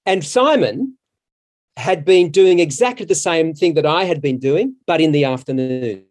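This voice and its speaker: A middle-aged man, a stage actor, telling a long anecdote in a casual, halting way with many restarts. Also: fairly high pitch, lively intonation, a little mellow. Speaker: musical theatre actor, interview guest.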